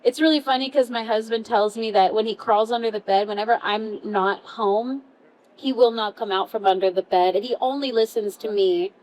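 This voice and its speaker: A woman voice actor chatting on a convention panel, bubbly and quick to laugh. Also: on the high side, a little mellow, rough recording.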